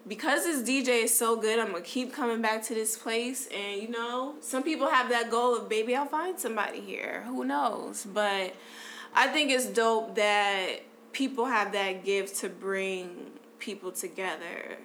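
A woman's voice: a little high, unhurried, a little hiss or hum. A woman hosting a podcast, chatting casually and loosely with lots of slang and fillers. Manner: relaxed, slangy, lots of "like" and "you know". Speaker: podcast host.

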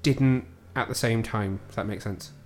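A man's voice: lowish voice, normal speed. Thoughtful man hosting a film podcast. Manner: thoughtful, hesitant restarts while weighing opinions. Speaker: podcast host. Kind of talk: casual film review chat. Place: at home, cat on the desk.

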